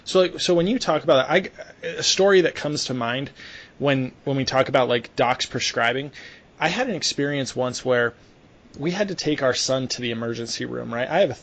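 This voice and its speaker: A man's voice: medium pitch, a little fast, a bit bright. A young man, a sports medicine clinician, chatting casually and telling a story with lots of restarts and fillers. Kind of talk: casual podcast conversation.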